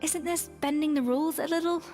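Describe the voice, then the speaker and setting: An actress playing a composed former head chef in a video game, cool and cutting. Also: female voice, high-pitched, fairly even intonation, brisk, long reverb tail, music in the background, close to an everyday voice.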